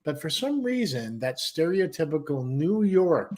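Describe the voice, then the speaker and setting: A man's voice: fairly high pitch, measured pace. A middle-aged man co-hosting a casual live stream, telling stories with lots of acted-out voices. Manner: animated storyteller, acts out voices. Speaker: co-host. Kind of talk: casual chat.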